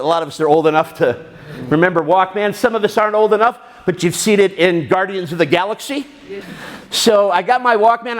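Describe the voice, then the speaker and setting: Middle-aged guy telling a story to a crowd, pretty high voice, really animated, does all the voices. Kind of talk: storytelling talk to an audience.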